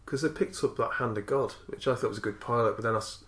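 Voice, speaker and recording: A man's voice: mid-range voice, fast, a bit bright. A laid-back British man in casual chat, swearing now and then.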